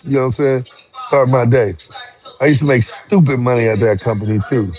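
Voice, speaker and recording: A man, a former truck driver telling a story in casual, profane, animated talk with heated outbursts. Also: mid-range voice, brisk, faint music behind. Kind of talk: casual storytelling on a live stream.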